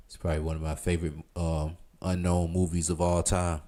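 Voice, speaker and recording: A man's voice: sits low, little pitch movement, brisk, noisy background. A man in his thirties with a thick Southern US accent, rambling casually to his live-stream chat, full of slang and fillers.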